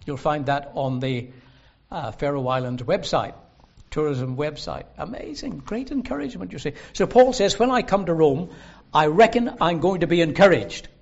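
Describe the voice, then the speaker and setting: A man preaches in a gospel hall, earnest and emphatic. He leans on the scripture he quotes, slowing each phrase to give it weight. The recording is muffled and low in fidelity. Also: lively intonation, creaky. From Northern Ireland. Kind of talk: sermon. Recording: dull lo-fi sermon recording.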